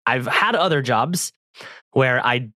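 A man who does stand-up, telling a story in casual chat with friends, animated and swearing freely, often laughing. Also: medium pitch, slow, dry recording, clean studio sound. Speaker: stand-up comedian and podcast cast member.

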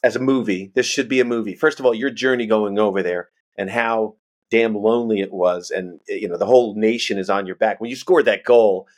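A man's voice: fairly low pitch, steady tone, a little fast. A man co-hosting a podcast, chatting in a casual, enthusiastic, rambling way. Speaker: podcast co-host. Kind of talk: casual chat.

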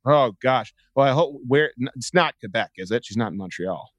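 A man in his thirties from Canada is a guest on an interview show, telling stories with loud, lively energy. He keeps breaking into high squealing impressions, and the close, dry recording has no room sound. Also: fairly quick, dry recording. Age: 30s. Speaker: podcast guest. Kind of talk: animated interview storytelling.

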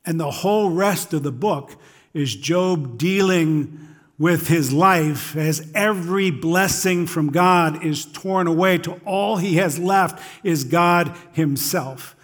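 A middle-aged man preaching in a fairly high voice. He keeps it conversational and often checks in with "right?" His tone is easygoing, like he is talking with the congregation. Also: slow pace. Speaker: pastor. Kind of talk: sermon.

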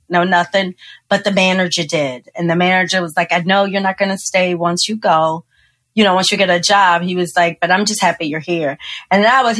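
A woman, a podcast guest telling a personal story with lively acted-out quotes and frequent laughter. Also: lowish voice. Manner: animated storyteller, acts out quotes, laughs often. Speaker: podcast guest, engineer and speaker. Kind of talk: storytelling interview.

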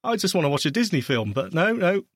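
A man co-hosting a tech podcast in casual chat, teasing and playful, quick to laugh. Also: on the high side, big pitch swings, no room sound, clean studio sound. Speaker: podcast co-host.

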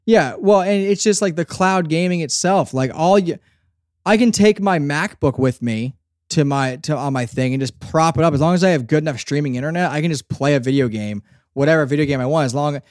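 A man's voice: a little high, fairly quick, dry recording, clean studio sound. A man from the Northeastern US, a podcast guest and audio drama creator, talking in a rambling, profane, jokey casual chat.

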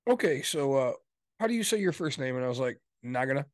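A man's voice: mid-range voice, animated, fast, dry recording. A man co-hosting a podcast, telling stories and acting out both sides of a conversation. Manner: storytelling, joking, acts out dialogue. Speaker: podcast co-host. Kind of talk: casual chat.

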